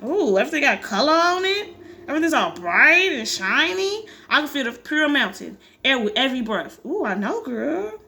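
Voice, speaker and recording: A woman commentating a game with loud, profane exclamations and reading its dialogue aloud. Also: sits high, very animated, normal speed, gravelly. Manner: reads game dialogue aloud between reactions. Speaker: gaming commentator. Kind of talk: let's play commentary.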